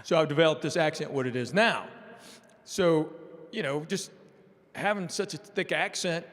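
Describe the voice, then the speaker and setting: A man's voice: fairly high pitch, normal speed, big-room sound. A man in his sixties from East Tennessee telling funny stories as an interview guest. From East Tennessee, USA. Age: 60s. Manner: joking, animated storyteller. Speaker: comedian guest. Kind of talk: casual storytelling interview.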